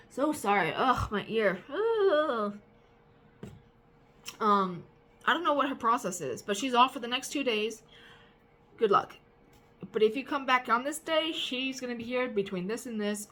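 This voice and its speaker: A tired woman with a drawl vents in a casual rant, her voice high and bright. She rambles and trails off softly, then turns heated and swears freely. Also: animated, a little slow, long pauses. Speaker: vlogger.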